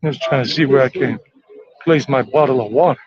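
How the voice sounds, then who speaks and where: A man's voice: medium pitch, brisk, lo-fi sound. An American man giving a rambling, chatty walking tour outdoors on city streets. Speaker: tour vlogger.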